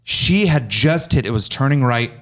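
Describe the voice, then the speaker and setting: Man, podcast host, casual chat, storytelling, acts out quoted lines, medium pitch. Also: animated, moderate pace, fairly bright tone. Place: office room.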